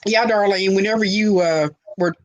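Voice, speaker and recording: A woman's voice: medium pitch, moderate pace, no echo, lo-fi sound. A woman on an online panel, chatting casually, laughing often, and calling the others "hon". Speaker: panel member.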